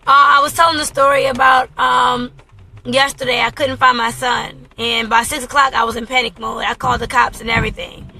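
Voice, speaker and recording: A woman's voice: on the high side, level tone, fairly quick, bright, forceful tone, slight background noise, poor audio. A woman in her thirties hosting a talk radio show, telling a personal story in an earnest, exclaiming way. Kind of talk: casual talk radio monologue.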